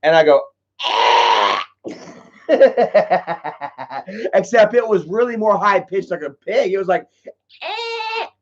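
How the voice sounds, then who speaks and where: A livestream host answers chat with rambling, profanity-filled stories sprinkled with "you know" and "bro." His voice is high with lively intonation. He speaks slowly with long pauses, and the high frequencies are cut off.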